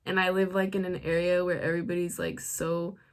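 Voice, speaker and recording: A woman's voice: lowish voice, little pitch movement, a little fast. Chatty teen girl telling a story. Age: teens. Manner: chatty, fills every phrase with "like"; laughs often while telling. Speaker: vlogger. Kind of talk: casual storytelling.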